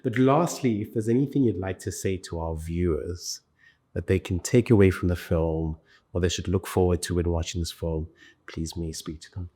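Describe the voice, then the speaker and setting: Low-voiced South African male host. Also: moderate pace, dark tone, husky. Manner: chatty, lots of fillers and restarts. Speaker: show host, interviewer. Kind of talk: interview questions.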